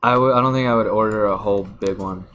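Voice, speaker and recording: A man's voice: lowish voice, quick pace, fairly bright tone. Teasing young man in casual chat. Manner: teasing, laughs easily. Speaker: podcast co-host.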